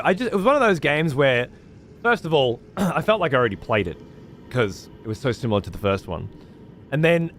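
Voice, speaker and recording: A streamer reads out viewer messages while chatting casually on a live stream. He's laid-back, swears freely, and uses slang like "mate" and "cunt." His voice is mid-range, with slight background noise.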